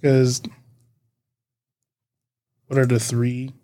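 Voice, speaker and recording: A man's voice: mid-range voice, completely flat delivery, very slow, dark tone. A man co-hosting a podcast, teasing his co-host and arguing fan trivia in casual chat.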